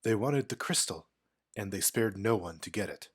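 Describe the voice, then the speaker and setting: A man voicing a gentle, grieving young prince in a fantasy game, soft and subdued. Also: on the low side, lively intonation, moderate pace, husky.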